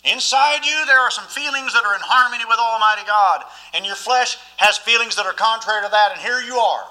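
A man's voice: high voice, brisk, bright, forceful tone, rough recording. A man preaching a sermon as pastor, emphatic and often asking the listeners questions.

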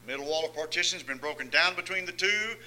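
A man preaching a sermon, swinging between soft asides and loud emphatic lines, often asking the congregation if they follow. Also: fairly high pitch, quick pace, low-quality recording. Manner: folksy, asks listeners if they follow.

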